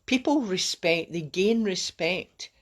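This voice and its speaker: A woman's voice: on the low side, animated, takes it slowly. A middle-aged woman, hosting a rambling, encouraging self-help talk on a live stream. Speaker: host.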